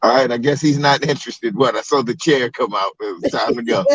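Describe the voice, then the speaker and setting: Animated, profane male storyteller. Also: medium pitch, brisk, no echo, low-quality recording. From Maryland, US. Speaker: co-host. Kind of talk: casual livestream chat.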